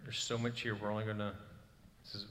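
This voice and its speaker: Man preaching, earnest storytelling, bright forceful voice, long hall reverb. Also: fairly low pitch, flat delivery, fast talker, a little hiss or hum. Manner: earnest storytelling, rising to emphatic bursts. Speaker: pastor. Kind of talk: sermon.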